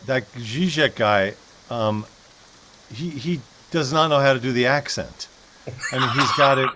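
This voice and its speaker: A male comedian guest talking from an outdoor porch in heavy rain, deadpan and fussy in his mock complaints. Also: medium pitch, unhurried, rough recording. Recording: rain static noise outdoors.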